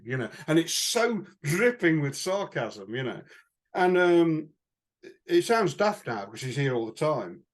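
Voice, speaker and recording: A podcast co-host recounts anecdotes in a casual, rambling chat full of fillers and chuckles. His voice is fairly high and very animated, with a measured pace.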